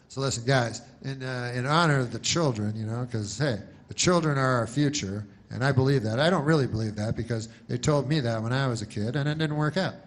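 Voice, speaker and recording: A man doing a stand-up comedy set, rambling and deadpan, halting with many restarts. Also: medium pitch.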